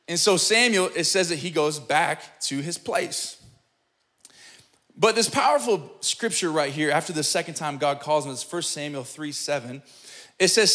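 Bright-voiced, emphatic male preacher. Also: a little high, animated, normal speed. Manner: emphatic, conversational, checks in with "okay?". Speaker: pastor. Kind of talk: sermon.

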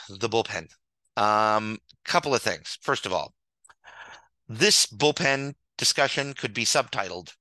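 A man's voice: fairly low pitch, pushed and bright, no echo, rough recording. A man hosting a show, ranting with theatrical mock anger over slides and repeating his points for emphasis. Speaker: host.

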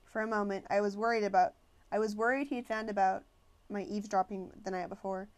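A woman narrating a first-person novel as an audiobook, measured and expressive. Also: medium pitch.

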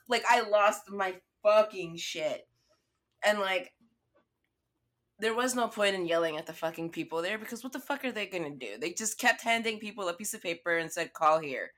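A woman's voice: medium pitch, moderate pace. A young woman telling a story in casual chat, swearing freely and acting out her own lines. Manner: profane, animated storytelling.

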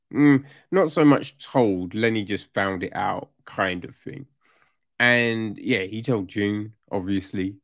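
A man's voice: medium pitch, no room sound, studio quality. A man casually reviewing a TV series, rambling with fillers and restarts and growing exasperated as he rants. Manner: grows exasperated and loud when ranting.

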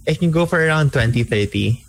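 A man's voice: mid-range voice, expressive, brisk, creaky. A young man with a Filipino accent chatting casually, mixing in Tagalog words and laughing easily. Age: young adult. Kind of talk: casual chat.

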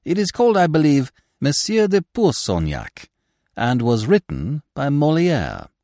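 A bland, inscrutable young man who deflects every jab with calm irony, as a male narrator reads him. The delivery is smooth and lively in pitch, close and dry. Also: unhurried, no echo, heavily acted. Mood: unruffled. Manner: cool, unruffled, ironic. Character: clever young man, bland and quick-witted.

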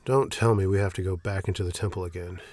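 A man voicing an exhausted, frightened young male priest who talks in a weary, clipped way, with a gravelly voice. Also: sits low, fairly even intonation, fast talker, a little mellow, no room sound. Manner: weary, dread-filled, clipped.

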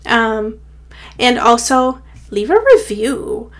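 A woman's voice: on the high side, takes it slowly. A young woman hosting her own podcast, talking in a chatty, rambling way full of "like", a bit tired and out of breath. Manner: chatty, rambling, heavy filler "like". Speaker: podcast host. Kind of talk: casual solo podcast pep talk.

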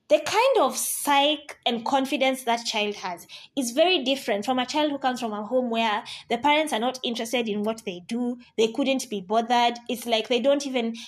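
A woman in her thirties with a fairly high voice talks straight to her listeners in a relaxed personal monologue. She is animated, tossing in playful asides and acting out quotes. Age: 30s. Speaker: podcast host.

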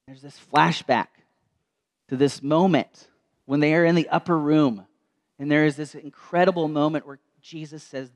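A man's voice: on the high side, steady tone. Man preaching a reflective sermon. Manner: storytelling, slows and softens for quoted words. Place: church.

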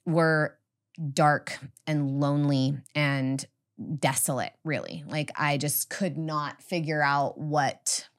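Low-voiced woman telling her story earnestly. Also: slow pace. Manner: earnest, reflective, meandering phrasing. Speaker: guest, witch school headmistress. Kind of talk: personal storytelling in a podcast chat.

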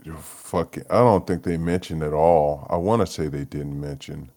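Podcast host, male, extremely low voice, low-energy profane solo rambler. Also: moderate pace, dark tone. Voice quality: profane, rambling, laughs often. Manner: low-energy, mumbling, trailing off. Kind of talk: solo casual rant.

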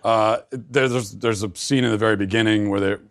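A man's voice: on the low side, fairly even intonation, brisk. A man guest in a casual book discussion, thoughtful and restarting phrases as he works out his points. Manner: thoughtful, repeats words as he builds his point.

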